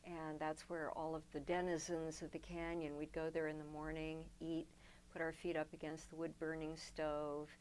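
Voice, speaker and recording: An older woman, a guest in a sit-down interview, reflectively tells long personal stories and often restarts her sentences. Her voice is deep, monotone, and a little mellow at normal speed, and the low-quality recording has some hiss or hum.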